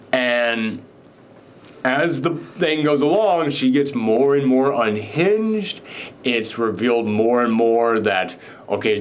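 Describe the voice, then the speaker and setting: A man of middling pitch talks through a film casually. He rambles, piles up fillers and restarts, and rises animatedly when something excites him. It sounds like a host chatting in his own show. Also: slight background noise.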